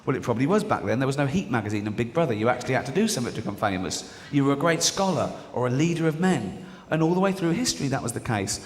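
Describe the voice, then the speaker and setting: A man's voice: medium pitch, sing-song, racing, few pauses. A man doing a stand-up comedy routine on stage, sardonic and mock-indignant, slipping into voices for the people in his stories. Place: large performance hall. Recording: live hall reverb with audience noise.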